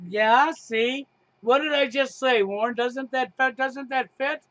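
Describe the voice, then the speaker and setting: Very high-voiced emphatic man, dry sound. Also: unhurried, a bit bright, no room sound, poor audio. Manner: emphatic, profane, sarcastic. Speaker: podcast host. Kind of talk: heated casual talk show chat.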